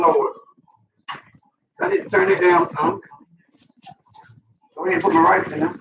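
A middle-aged man with a Southern US accent talks viewers through a home cooking demonstration in a loose, chatty way, dropping curses as he goes. His voice sits high and carries a gravelly edge. He sounds distant and roomy, on a dull mic with faint noise behind him. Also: normal speed, long pauses, fairly bright tone. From American South. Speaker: cooking vlogger. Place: home kitchen.

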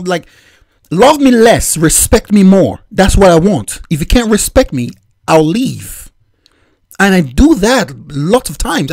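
A man's voice: sits high, darkish tone, no room sound, clean studio sound. A man from Nigeria hosting a reaction video, giving opinionated, lecturing commentary on a clip.

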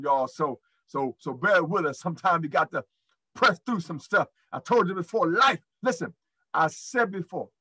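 The host of this live motivational show has a fairly high, sharp, husky voice. He encourages his listeners in a preachy, repetitive way, addressing them as "y'all." There's no room sound, and the recording quality is low.

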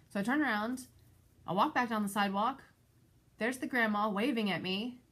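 A woman vlogger and mother telling a personal story in a casual, animated, exasperated way. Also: normal speed, a little hiss or hum. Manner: animated, exasperated retelling with shifting pitch. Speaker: parent of school-age kids.

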